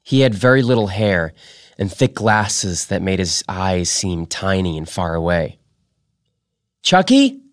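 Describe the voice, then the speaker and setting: A podcast host reads fiction aloud in a deep, low voice. His delivery is steady and measured. The recording is dry and close. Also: dry recording.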